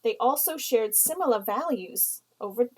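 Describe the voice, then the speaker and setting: Female writing teacher, a touch high-voiced, patient and explanatory delivery. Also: animated, a little mellow, poor audio. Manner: slow, explanatory, reads example sentences aloud. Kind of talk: recorded writing lesson.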